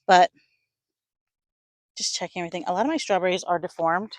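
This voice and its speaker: A woman's voice: fairly low pitch, brisk, no room sound. Woman vlogging from her garden. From upstate New York. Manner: sighing, hesitant, talks to herself while working. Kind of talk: casual vlog narration. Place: outdoor garden.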